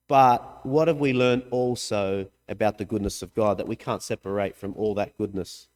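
A man preaching a sermon, earnest and emphatic, swinging between raised, urgent lines and quiet, low asides. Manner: earnest, emphatic, with sudden swings in pitch and loudness. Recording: hall reverb.

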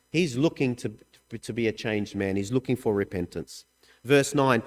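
A man delivers a sermon with earnest emphasis, rising and falling sharply in pitch and volume. His voice sits at an ordinary middle pitch for a man. The sound carries a long hall reverb, like a church interior. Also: normal speed. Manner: earnest, emphatic, with sudden swings in pitch and loudness. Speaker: preacher.

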